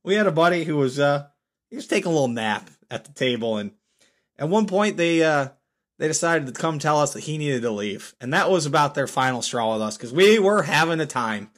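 A man hosting a casual solo podcast, hoarse from screaming, telling stories with lots of laughter. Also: on the high side, a little fast. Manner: animated storyteller, laughs often. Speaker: podcast host.

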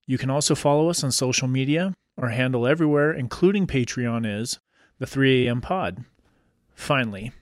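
A man co-hosting a podcast, reading a smooth sign-off script. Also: medium pitch, no room sound, clean studio sound. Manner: laughs often, reads outro smoothly. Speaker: podcast co-host. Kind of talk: casual chat and read outro.

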